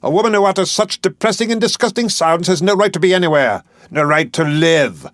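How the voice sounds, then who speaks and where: A man's voice: medium pitch, big pitch swings, moderate pace, dry recording, clean studio sound, voice pushed up, natural voice. Man doing an arrogant lecturing professor. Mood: scornful. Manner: lecturing, scornful, emphatic. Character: brusque, arrogant male phonetics professor.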